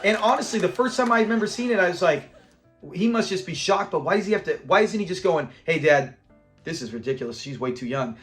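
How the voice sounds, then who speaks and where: A chatty man hosting a relaxed episode review, retelling scenes with lots of animation and frequent laughter. His voice sits high for a man, and faint music plays behind him. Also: fast. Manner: animated retelling, laughs often and quotes characters. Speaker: host reviewing a sitcom episode.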